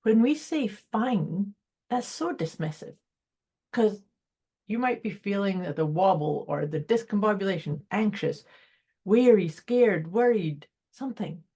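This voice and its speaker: Husky-voiced woman in reflective chat. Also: medium pitch, expressive, a little slow, warm tone. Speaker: podcast co-host. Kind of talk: casual conversational chat.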